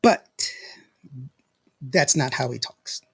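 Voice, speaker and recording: A man's voice: medium pitch, expressive, slow pace, creaky, breathy edge, no echo, studio quality. A man hosting a podcast in casual chat, reading live comments and rambling with frequent laughs. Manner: rambling, laughs often, lots of restarts. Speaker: podcast host.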